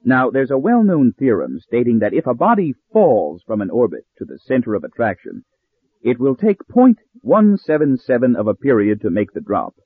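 A man's voice: mid-range voice, wildly swooping pitch, moderate pace, breathy edge, dry recording, exaggerated voice. A man reading the part of a smug, pompous older professor who threatens with cool politeness, recorded with narrow phone-like sound. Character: smug scheming male professor, older, coolly menacing.

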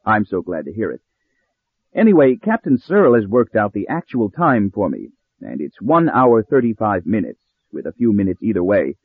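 A man reads the part of a smug, pompous, scheming older professor who threatens with cool politeness. His low-leaning voice is very animated and exaggerated, with a breathy edge and moderate pace, recorded with no room sound and a narrow, phone-like quality.

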